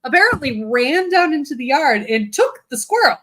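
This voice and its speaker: A woman chatting casually on a podcast, telling an animated story and swearing freely. Her voice sits a little high. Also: moderate pace. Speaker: podcast co-host. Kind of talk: casual chat.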